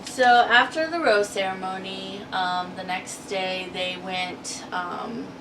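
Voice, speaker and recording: Slow-talking woman recapping with a distant mic. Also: medium pitch, fairly even intonation. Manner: chatty storyteller, giggles often and acts out quotes. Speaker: co-host of a TV recap channel. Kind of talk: casual chat recap. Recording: distant mic with noisy background.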